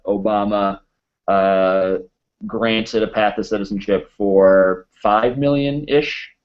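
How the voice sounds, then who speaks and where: A man hosting a casual podcast chat, halting and full of fillers and restarts, on a dull lo-fi recording. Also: fairly low pitch. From United States. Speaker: podcast host.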